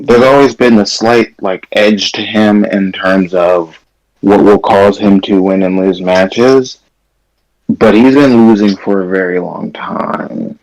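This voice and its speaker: Brief: low male voice, slow unhurried deadpan answers. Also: poor audio. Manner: slow, deadpan, curt replies. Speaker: guest manager on press conference.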